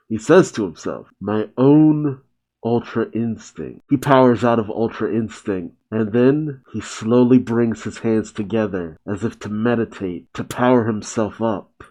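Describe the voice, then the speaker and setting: A man reads a comic chapter aloud, stopping to react in a relaxed, chuckling way. His pace is unhurried and his voice sits mid-range, dark and mellow. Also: mid-range voice, low-quality recording. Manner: relaxed, laughs often.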